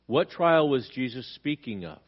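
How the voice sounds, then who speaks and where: A man's voice: medium pitch, very animated, normal speed, lo-fi sound. A male pastor preaching a sermon, asking rhetorical questions and acting out quoted dialogue with emphasis.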